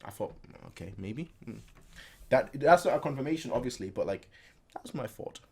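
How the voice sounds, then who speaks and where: Lively man reacting to a manga. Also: mid-range voice, fairly quick, breathy edge. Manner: chatty, laughing asides. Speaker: reaction video host. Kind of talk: casual manga read-along reaction.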